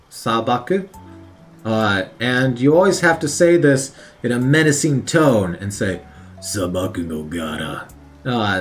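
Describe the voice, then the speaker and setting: A man thinking aloud as he studies vocabulary, repeating words over and over with many fillers, at his work computer on a lunch break. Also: mid-range voice. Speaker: language learner studying on video. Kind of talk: casual study commentary.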